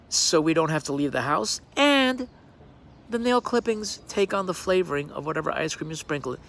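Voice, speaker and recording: A man's voice: a little high, bright, forceful tone, a little hiss or hum. Rambling man on his outdoor deck. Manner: hesitant, lots of ums and uhs. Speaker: actor recording a personal video message. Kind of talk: casual, rambling video greeting.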